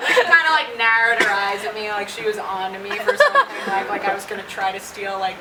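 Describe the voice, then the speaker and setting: A woman's voice: medium pitch, very animated, fast talker, very noisy. A young woman doing stand-up comedy, telling a story with lots of laughing and acting out the people in it. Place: comedy stage before a laughing audience. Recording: echoey room, mic far off, loud crowd.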